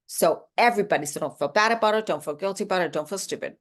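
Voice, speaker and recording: A woman in her sixties speaks in a low voice, relaxed and conversational. Her talk is encouraging and motivational. Now and then she slips into playful quoted voices. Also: racing. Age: 60s. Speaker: host giving a morning talk.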